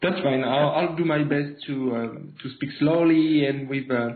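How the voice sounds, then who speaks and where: A man's voice: on the high side, unhurried, roomy sound. Hesitant French-accented man on a phone line. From France. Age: 30s. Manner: hesitant, many fillers and restarts. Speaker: guest. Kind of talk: radio interview conversation.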